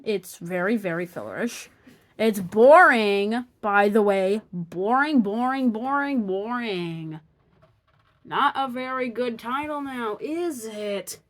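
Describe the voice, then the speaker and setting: Sarcastic woman reviewing cartoon episodes. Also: medium pitch. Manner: sarcastic, exasperated, drops to mutters. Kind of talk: opinion review voice-over.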